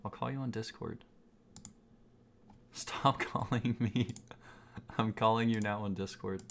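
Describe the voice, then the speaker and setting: A man's voice: fairly low pitch, fairly even intonation, unhurried, creaky. A young man streaming live, goofily chanting a name over and over between casual asides to his chat.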